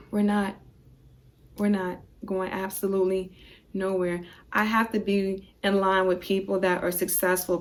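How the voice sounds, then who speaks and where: A woman vlogger talking earnestly to her viewers in a motivational vlog, repeating her points for emphasis and pleading with them directly. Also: medium pitch. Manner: repetitive, emphatic phrasing.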